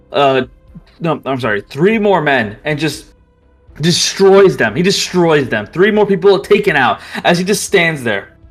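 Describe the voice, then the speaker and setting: A man's voice: medium pitch, fairly bright tone. A young man narrating as game master of a tabletop role-playing game, chatty and laughing, with many restarts.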